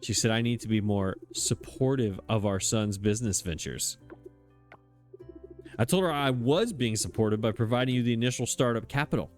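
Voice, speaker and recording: A man's voice: mid-range voice, normal speed, soft background music, lightly acted. A man voicing a condescending middle-aged father in a farming video game, speaking stiffly to his son.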